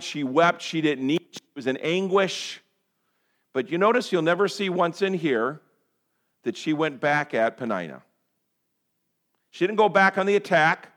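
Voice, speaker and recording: A man delivering a sermon with a fairly high-pitched voice. He swings from forceful, raised lines down to hushed, near-whispered ones, and voices prayers as if speaking them himself. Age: adult parent. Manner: earnest, swings from loud to hushed, acts out prayers. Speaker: pastor.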